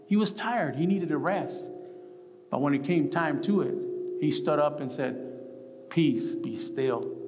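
A man preaching a sermon to a group of men, animated and acting out the voices of the people in his story. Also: on the high side, a little slow, long pauses, over music. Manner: animated, acts out quotes with voice jumps. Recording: long reverb of a hall.

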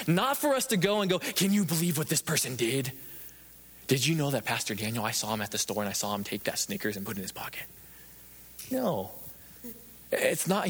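A man's voice: on the high side, fairly bright tone. A man preaching a sermon as pastor, earnest and emphatic, building on repeated phrases. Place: church sanctuary. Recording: long hall reverb.

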